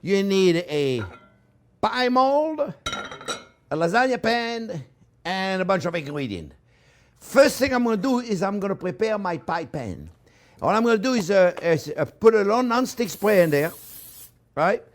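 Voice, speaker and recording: A man's voice: sits high, big pitch swings, unhurried, pauses often. A man hosting a cooking show, effusive and crooning over his food in a casual demonstration. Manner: often drops to soft murmurs over the dish.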